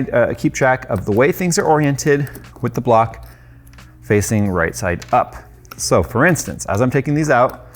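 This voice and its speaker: A tech YouTuber in his thirties, medium-pitched, casually demonstrates a hands-on cleaning job at his workshop workbench. He stays chatty and loose, tossing in offhand, self-deprecating jokes as he explains.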